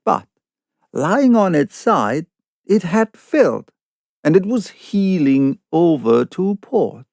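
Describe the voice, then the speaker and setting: Slow, gravelly-voiced male audiobook narrator. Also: fairly high pitch, big pitch swings, darkish tone, no echo, clean studio sound. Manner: measured, deliberate reading pace. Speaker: audiobook reader.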